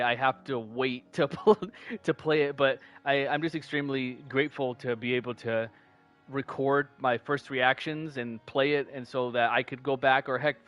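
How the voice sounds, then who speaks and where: A man's voice: medium pitch, fairly bright tone. A man casually chatting and rambling as he streams a video game, with many fillers and restarts. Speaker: gaming streamer. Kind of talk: casual let's-play commentary. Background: game music.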